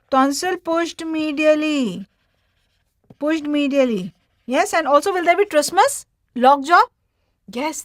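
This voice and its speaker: A woman's voice: high-pitched, no echo, clean studio sound. A woman giving a recorded medical lecture. She asks questions and answers them herself, repeating key terms.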